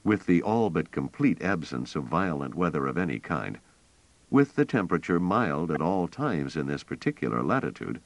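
A man narrating a novel in a measured, expressive reading style, recorded close to the mic. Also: very deep voice, no echo. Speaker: audiobook narrator. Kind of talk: scripted narration.

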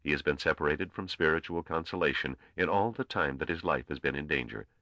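A man reading an audiobook voices a male trader who pleads in a quiet, careful, formal way. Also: very deep voice, brisk, no echo, exaggerated voice. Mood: pleading. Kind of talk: audiobook character voice.

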